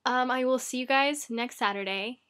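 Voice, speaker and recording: A woman's voice: high voice, normal speed, a bit bright. Rambling, chatty woman book vlogger. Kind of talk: casual chat to camera. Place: her bedroom.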